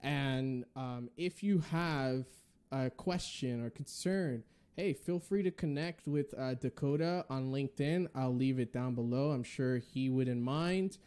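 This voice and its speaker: Mellow-voiced upbeat male podcast host. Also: medium pitch, measured pace, clean tone. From US Northeast. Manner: upbeat, faith-filled, chatty with fillers. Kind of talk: casual podcast interview.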